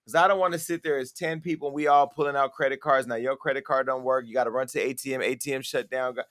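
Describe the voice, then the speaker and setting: A man's voice: mid-range voice, steady tone, fast, fairly bright tone. A man hosting a talk show, speaking bluntly and joking in casual chat with his co-hosts. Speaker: host.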